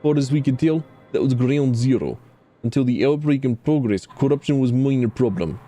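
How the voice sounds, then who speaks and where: A man's voice: mid-range voice, expressive, normal speed, mellow, soft background music, pitched above the performer's own voice, lightly acted. A man voicing a stern, menacing male camp leader in a put-on Scottish accent, with clipped, threatening lines. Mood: grim.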